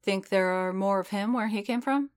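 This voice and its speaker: A woman's voice: mid-range voice, moderate pace, smooth, lightly acted. A woman voicing a wary young alien dancer who talks bluntly and wryly and trails off.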